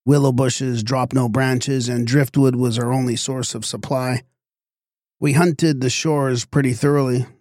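A man narrating a literary story in a measured, expressive storytelling manner. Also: mid-range voice, no echo, studio quality.

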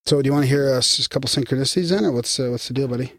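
A man's voice: mid-range voice, racing, no echo. A man with a Canadian accent co-hosting a podcast in casual, rambling chat, reading out listener mail and laughing easily. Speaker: podcast co-host.

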